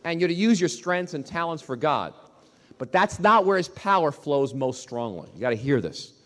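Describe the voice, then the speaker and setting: A male pastor preaching a sermon in an emphatic, animated way, often repeating his words. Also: on the high side, moderate pace, big-room sound.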